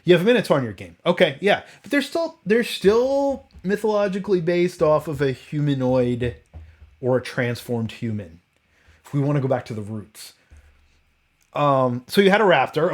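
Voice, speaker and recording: A man hosting a casual roundtable chat, rambling through tangents and rhetorical questions and often restarting and correcting himself. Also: a little high. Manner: frequent restarts and self-corrections.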